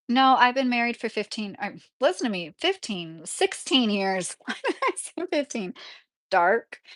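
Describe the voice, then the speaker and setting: A woman's voice: mid-range voice, no echo. Chatty woman streamer, dry close sound. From Kentucky. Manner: rambling, laughs often, self-correcting. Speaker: livestream host. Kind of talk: casual livestream chat reading comments.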